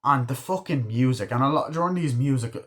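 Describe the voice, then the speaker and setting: A man's voice: mid-range voice, fairly quick, a bit bright. A man giving a casual, rambling film review, swearing freely as he retells scenes. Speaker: movie reviewer.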